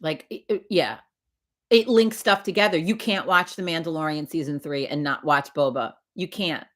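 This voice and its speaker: A woman's voice: sits low, normal speed. A woman hosting a casual morning livestream, chatting with viewers in a rambling, profane way. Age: older. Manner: chatty and profane, laughs often. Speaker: livestream host.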